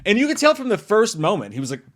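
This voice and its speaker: A man casually reviewing a horror movie, swearing freely and acting out lines in loud shrieking voices. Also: sits high, fast talker. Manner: profane, animated, acts out quotes in big shrieking voices. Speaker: movie review podcast host. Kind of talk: casual spoiler review chat.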